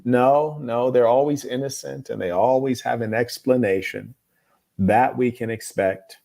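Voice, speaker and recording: Calm, preachy male advice host. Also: medium pitch, a little slow, gravelly. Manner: calm, preachy and moralizing, blunt opinions. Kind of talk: relationship advice commentary, reading viewer letters.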